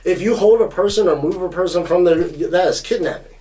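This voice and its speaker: A young man co-hosting a podcast, telling a story in a casual, profane, animated way. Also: high-pitched, fast, distant mic, soft background music, rough recording. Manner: animated, profane, acts out quotes. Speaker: podcast co-host.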